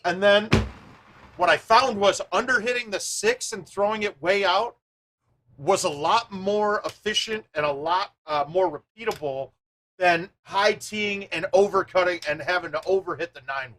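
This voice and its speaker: High-pitched guy streaming a golf game, chatty, greets chat by name. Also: normal speed. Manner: chatty, greets viewers by name, thinks out loud. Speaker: live stream host playing a golf arcade game. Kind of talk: casual live-stream commentary.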